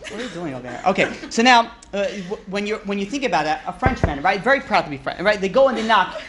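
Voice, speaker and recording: A man's voice: high voice, a bit bright, slight background noise. A man, a rabbi, teaching an informal class in a chatty, joking way, often asking "right?" and "you know".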